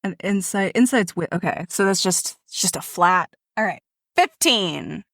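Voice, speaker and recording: A woman's voice: on the low side, lively intonation, moderate pace, a bit bright, dry recording, clean studio sound. A woman playing in a tabletop game, talking expressively and laughing often. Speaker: player.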